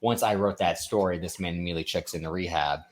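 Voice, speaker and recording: A man with a very low, deep voice talks loosely as a podcast co-host. He rambles through stories, full of likes and ums. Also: quick pace. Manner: rambling, retells stand-up bits with many likes and ums. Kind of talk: casual chat.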